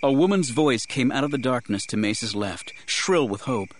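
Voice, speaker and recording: A man giving expressive third-person audiobook narration. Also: mid-range voice, normal speed, a little hiss or hum.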